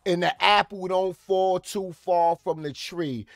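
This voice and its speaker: A man giving profane comedic reaction commentary, ranting and breaking into sudden shouted outbursts. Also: high voice, fairly even intonation, slow pace, vocal fry, no room sound.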